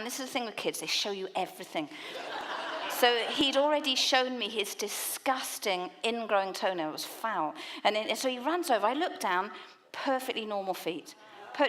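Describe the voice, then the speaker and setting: A woman giving a talk at a church conference in a lively storytelling manner. She laughs often and breaks into quick asides as she builds the story. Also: fairly high pitch. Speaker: conference speaker. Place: conference hall.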